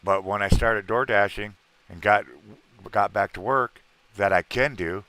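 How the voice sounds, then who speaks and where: A man's voice: fairly low pitch, measured pace, bright, forceful tone, no echo. A middle-aged man hosting a casual livestream chat, talking in a rambling, earnest way and repeating himself. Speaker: livestream host.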